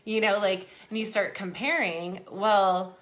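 A woman's voice: medium pitch, fairly even intonation, measured pace, fairly bright tone. A young woman, slightly out of breath, talking in a chatty, rambling way with many asides as host of a motivational talk. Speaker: host of an exercise program for people with MS.

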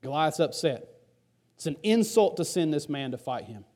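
A man's voice: a little high, sing-song, moderate pace, darkish tone. A male pastor preaching a sermon in a conversational, storytelling way.

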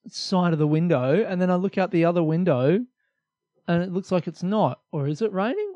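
Australian guy, young, high-ish voice, dry close sound, rambling, swears a lot. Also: normal speed, dry recording. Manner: energetic, swearing, rambling, self-mocking. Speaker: comedian podcast host. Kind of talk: solo podcast monologue.

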